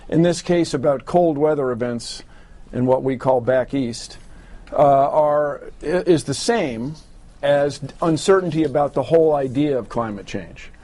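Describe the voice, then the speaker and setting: A man's voice: a little high, normal speed, dark tone. A man making his case in a televised debate and interview, emphatic and earnest, building long explanations. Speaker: science communicator in debates.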